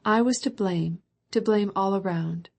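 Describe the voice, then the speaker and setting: A woman's voice: medium pitch, unhurried, creaky, a little mellow. A woman reading the part of a proud young male count who pleads with emotion. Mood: pleading.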